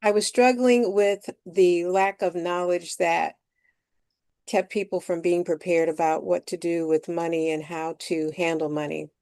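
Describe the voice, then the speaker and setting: Steady woman, gravelly voice, dry sound, delivering a short pitch. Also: unhurried, no echo. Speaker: participant.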